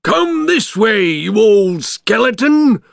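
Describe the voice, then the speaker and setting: A man voicing a loud, gloating monster villain in a storybook reading, drawing out and shouting his words. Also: high-pitched, wildly swooping pitch, vocal fry, no room sound, studio quality, voice pushed up, exaggerated voice. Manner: shouting, cackling, drawn-out words.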